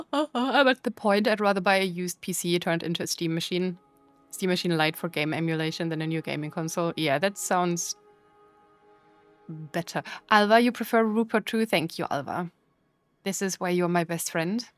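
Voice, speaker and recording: A woman's voice: on the low side, moderate pace, no echo, faint music behind. Playful woman streamer chatting to chat. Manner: playful, dramatic mock outrage. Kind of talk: casual chat with live chat.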